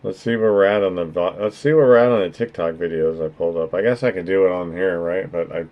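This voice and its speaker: A man's voice: sits low, quick pace, lo-fi sound. A man chatting casually on his livestream, rambling and earnest, swearing freely as he thanks his viewers. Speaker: streamer.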